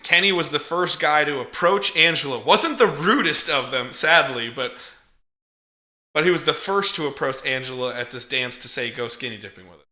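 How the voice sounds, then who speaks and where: A man's voice: fairly high pitch, moderate pace, sharp tone, echoey room. A man casually recapping a film as a podcast co-host, swearing freely and laughing as he tells it. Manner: profane, chuckling storyteller.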